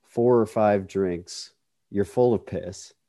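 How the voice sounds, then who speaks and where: Laughing man with low mellow voice. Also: slow. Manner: laughs often, rambling with fillers. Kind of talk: casual comedic chat.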